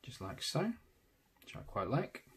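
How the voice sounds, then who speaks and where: A man, casually talking through a digital tattoo drawing in real time, thinking aloud and trailing off softly. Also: medium pitch, very animated, measured pace, creaky, breathy edge.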